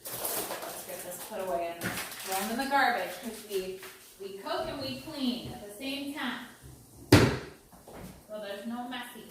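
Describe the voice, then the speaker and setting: A woman's voice: a little high, takes it slowly, pauses often. A woman hosting a casual cooking vlog in her home kitchen, chatty and rambling, poking fun at herself as she cooks. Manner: chatty, rambling, self-deprecating. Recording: very echoey room, mic far off, noisy.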